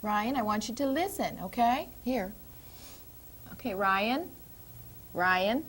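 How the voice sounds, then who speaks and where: A woman teacher with a higher voice speaks very slowly to a small boy. She repeats syllables in a coaxing sing-song. Her voice comes from a distance from the mic. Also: expressive, fairly bright tone, breathy edge. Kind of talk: speech therapy lesson with a child.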